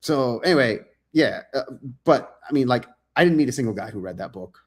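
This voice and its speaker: A man's voice: mid-range voice, fairly quick. A man, an author guest in a casual interview, telling stories loosely with many fillers, acting out quotes and swearing freely. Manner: animated storyteller, acts out quotes, swears freely.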